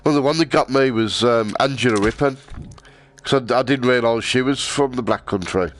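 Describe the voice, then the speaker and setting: A man's voice: mid-range voice, moderate pace. A man chatting casually and rambling while he streams a VR game, laughing often.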